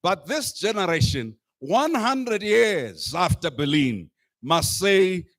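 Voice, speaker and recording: A man with a fairly high voice delivers a rousing speech from a stage at a slow, deliberate pace. He drives his points home with rhetorical repetition and sometimes rises to a shout. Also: very animated. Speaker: speaker addressing a youth climate assembly. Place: live event stage.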